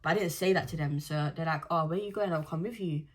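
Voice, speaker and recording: A woman's voice: low-pitched, fast talker. A woman, chatting casually as a vlogger and telling stories with slang. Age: 20s. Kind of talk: casual chat.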